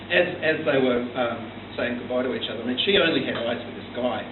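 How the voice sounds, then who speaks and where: A man's voice: medium pitch, fast talker, reverberant. A man from South Australia with an Australian accent doing his first stand-up set, full of ums and restarts, telling dry stories. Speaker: first-time stand-up comedian. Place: small comedy bar stage. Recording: tinny distant room recording with hum.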